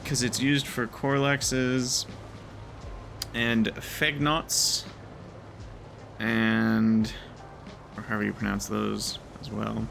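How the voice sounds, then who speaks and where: A man talks through a game in a loose, thinking-aloud way, half muttering to himself. His voice is bright and edged, with a gravelly fry at the ends of his lines. Faint music plays underneath. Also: on the low side, level tone, very slow, pauses often. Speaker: gaming video creator. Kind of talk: casual gameplay commentary.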